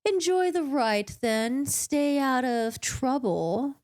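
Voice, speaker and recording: A woman voicing a mysterious, beautiful fae man who questions slowly and suspiciously. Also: sits high, expressive, darkish tone. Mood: cool. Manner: slow, drawn-out questioning.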